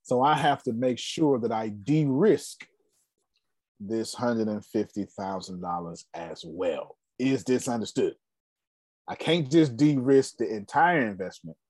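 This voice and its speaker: This forty-something host of a relaxed business conversation is an emphatic storyteller who repeats himself for effect and laughs a lot. He speaks in a slightly mellow mid-range voice at a measured pace, with no room sound.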